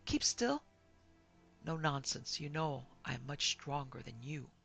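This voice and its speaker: A woman voicing a bitter disfigured blind man bent on revenge, speaking in a quiet, coaxing, menacing way in a horror audiobook. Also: low-pitched, big pitch swings, measured pace, creaky, soft background music, heavily acted.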